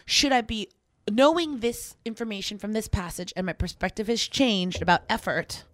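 A young woman co-hosting a college radio show, thinking out loud in a relaxed, conversational way. She slips in quick asides and keeps a steady middle pitch. The sound is dry and close to the mic. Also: no room sound. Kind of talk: casual advice chat.

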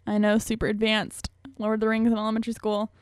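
A woman's voice: a little high, monotone, fast talker, smooth, no room sound, clean studio sound. A young woman hosting a radio show, talking in a rambling, chatty, self-mocking way. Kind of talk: casual chat.

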